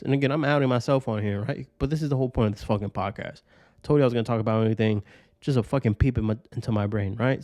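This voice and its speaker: A man's voice: medium pitch, warm tone, no echo, clean studio sound. A man hosting a podcast, talking through a personal story in a loose, rambling way, swearing often and tagging sentences with "right?". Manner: rambling, profane, keeps tagging lines with "right?". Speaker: podcast host. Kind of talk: casual personal monologue.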